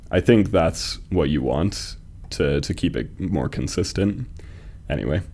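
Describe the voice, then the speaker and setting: Deep, mellow-voiced man critiquing poems. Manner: thinks aloud with many fillers and restarts; reads verse slowly, stressing syllables. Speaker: host reviewing fan poetry submissions. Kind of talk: casual critique, reading poem lines aloud.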